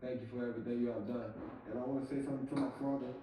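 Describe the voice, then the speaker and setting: A man's voice: mid-range voice, level tone, rapid-fire, dark tone, a little hiss or hum. A young man giving a heartfelt, thankful acceptance speech, heard from a broadcast. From southern US. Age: young adult. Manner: heartfelt, thankful, emotional address. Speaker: award winner. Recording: echoey hall from far off, broadcast.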